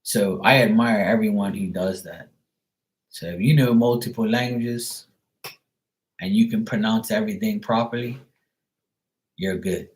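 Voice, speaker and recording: This Bermudian-accented tarot reader talks at a measured pace in a lowish voice, pausing often, over poor audio. On his live stream he rambles loosely, leans heavily on "like," and swears without hesitation.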